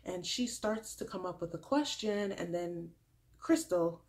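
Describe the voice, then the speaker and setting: A young woman vlogger recapping a reality show in a chatty, animated way, often laughing and acting out what people said. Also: lowish voice, unhurried. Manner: chatty, laughs often, drops into quoted voices. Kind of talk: animated casual recap with acted-out quotes.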